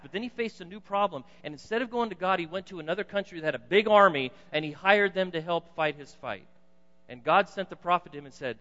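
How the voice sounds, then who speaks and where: A man preaching a sermon, swinging between loud emphatic bursts and quiet low asides. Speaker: pastor. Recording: dull lo-fi sound in a reverberant hall.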